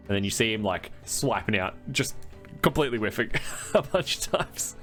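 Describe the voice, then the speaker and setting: A man narrates as game master of a tabletop game, his lowish, fairly bright voice animated and at normal speed over soft background music. He rambles, with many fillers and restarts.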